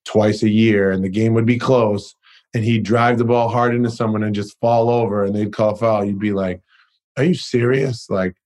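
A man's voice: on the low side, level tone, normal speed, a little mellow. A young man guesting on a podcast, chatting loosely and profanely, with plenty of "you know" and "like". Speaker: guest, pro basketball player. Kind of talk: casual interview chat.

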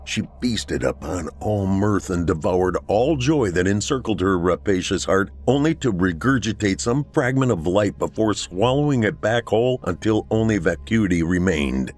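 A man narrating a horror story for a podcast in a measured, dramatic storytelling manner. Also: low-pitched, expressive, a little mellow. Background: faint music.

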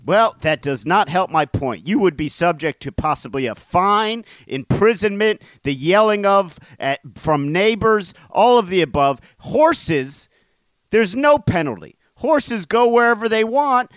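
Joking, mock-indignant man with a higher voice. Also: big pitch swings, a little slow, dry recording. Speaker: podcast co-host. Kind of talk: casual chat. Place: New York City.

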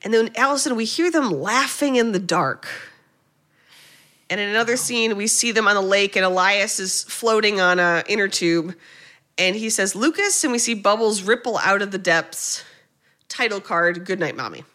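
A woman's voice: mid-range voice, normal speed, bright, forceful tone. A woman co-hosting a podcast, recapping a movie in a playful, rambling way with jokey asides. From United States. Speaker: podcast co-host. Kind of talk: casual comedic movie recap.

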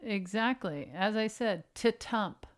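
A woman comedian co-hosting a casual podcast, teasing with a dry, deadpan manner. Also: medium pitch, takes it slowly. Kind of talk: casual chat.

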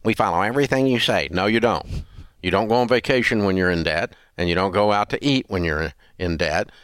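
An older man with a low voice hosts a radio advice show from a studio. He talks bluntly and emphatically, scolding and repeating himself to drive his points home. The sound is close and dry. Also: fairly quick, fairly bright tone, clean tone, no echo. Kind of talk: call-in advice show banter.

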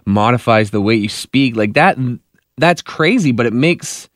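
A male radio co-host in a casual chat, reacting in an animated way with quick quips. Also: medium pitch, no room sound, clean studio sound.

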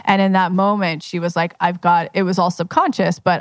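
A woman's voice: fairly low pitch, level tone, brisk, no echo. A young woman coaching at a live question session, chatty, often laughing and acting out voices as she talks. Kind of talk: live Q&A talk.

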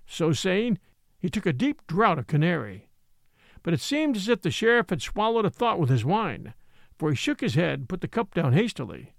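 A man narrating an old adventure tale with expressive delivery. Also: a little high, normal speed, vocal fry, dry recording, studio quality. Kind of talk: scripted storybook narration.

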